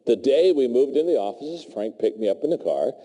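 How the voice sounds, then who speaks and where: A leadership speaker gives a motivational talk in a large hall, animatedly telling stories and acting out the dialogue. His voice is medium-pitched and brisk, and the recording carries a long hall reverb.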